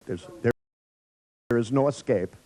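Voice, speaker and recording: A man's voice: medium pitch, unhurried, warm tone. A man leading a live workshop in front of an audience, telling blunt, irreverent stories and laughing often. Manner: joking storyteller, laughs often. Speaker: workshop trainer.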